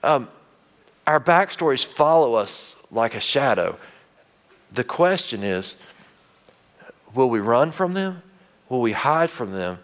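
A male pastor delivers a sermon in a conversational, earnest way. He restarts phrases often and sinks into quiet, intense passages. His voice sits at an ordinary middle pitch for a man. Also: sing-song, slow pace, pauses often.

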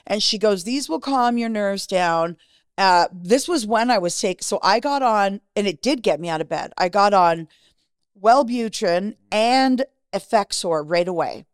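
A middle-aged woman, appearing as a podcast guest, tells a personal story candidly, frankly and profanely, acting out the lines of the people involved. Her mid-range voice is animated and unhurried, captured at studio quality with no echo.

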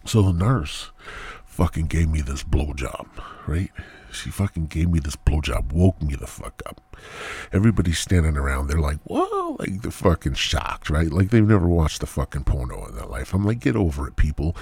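A man's voice: a bass voice, animated, normal speed, vocal fry, darkish tone, breathy edge, dry recording. A man hosting a podcast alone, talking in a profane, rambling comedic monologue that drifts into mumbled asides. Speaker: podcast host. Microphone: new headset mic.

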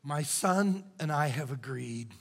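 Older guy pastor, husky voice, slow dramatic sermon, echoey church hall. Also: on the high side, expressive. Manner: dramatic, swings from loud cries to hushed whispers. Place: church sanctuary.

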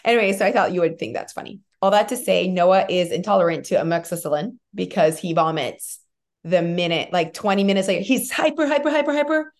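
A woman in her thirties, co-hosting a podcast in a casual chat, telling an animated, rambling story full of fillers. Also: fairly low pitch, a little fast. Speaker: podcast co-host.

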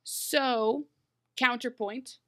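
A woman co-hosting a casual TV recap podcast, talking in an animated way with lots of asides and fillers. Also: on the high side, extremely slow, smooth. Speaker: podcast co-host.

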